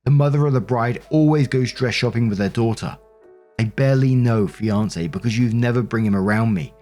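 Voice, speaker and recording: A man's voice: mid-range voice, moderate pace, warm tone, soft background music, close to an everyday voice. A man voicing a self-pitying, defensive middle-aged mother who complains in a whiny, indignant, sarcastic way.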